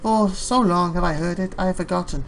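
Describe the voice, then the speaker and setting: A let's-player reading aloud the lines of a solemn woman captain of a stranded colony in a video game, in a measured, formal way. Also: mid-range voice, slight background noise, close to an everyday voice.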